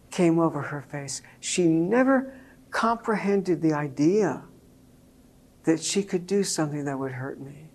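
A man preaching a sermon to a congregation, telling a family story and building to emphatic points. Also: fairly high pitch. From Jewish believer speaking to a congregation. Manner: storytelling, animated, rising to emphatic peaks.

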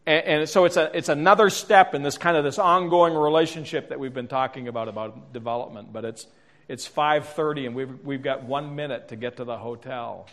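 A man's voice: medium pitch, brisk, fairly bright tone. A middle-aged man presenting a workshop, telling stories in a self-deprecating way, with frequent restarts. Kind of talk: storytelling conference talk. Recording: reverberant lecture hall.

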